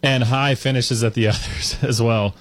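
A man's voice: medium pitch, moderate pace. Chatty male sports radio host. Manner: chatty, animated storytelling with many fillers. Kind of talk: casual sports talk.

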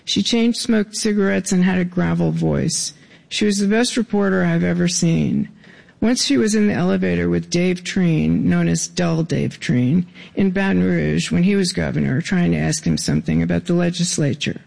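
A man with a gravelly voice reading his own writing aloud to an audience, with dry, wry asides. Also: high voice, normal speed, a little mellow.

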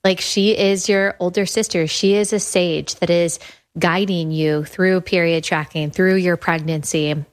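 A woman's voice: on the low side, fairly even intonation, a little slow. A young adult woman hosting her show, talking earnestly and enthusiastically and often restarting her phrases. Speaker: podcast host presenting her app. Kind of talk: casual talk.

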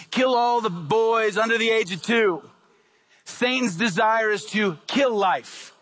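Male pastor, high voice, emphatic sermon delivery with rhetorical questions and repetition. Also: bright, forceful tone.

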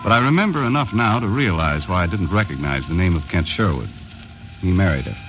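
A dry, low-voiced sea captain narrator. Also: male voice, expressive, brisk, a bit bright, soft background music, poor audio. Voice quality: dry, matter-of-fact. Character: laconic male boat captain and bar owner, dry narrator. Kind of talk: 1940s radio drama narration.

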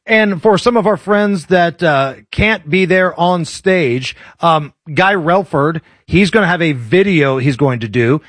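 High-voiced sardonic radio host man. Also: a little slow, few pauses, fairly bright tone, dry recording. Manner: sardonic, joking delivery. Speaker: radio talk show host. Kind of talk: casual radio banter.

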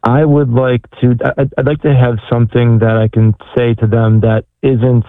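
A man's voice: medium pitch, little pitch movement, dry recording. Hesitant man on a tinny phone line. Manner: hesitant, full of pauses and restarts. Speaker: caller. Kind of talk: phone-in conversation.

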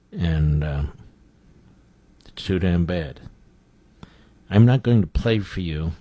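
A man's voice: sits low, dark tone, dry recording. A male talk radio host giving a blunt, combative opinion monologue and cueing clips for his producer.

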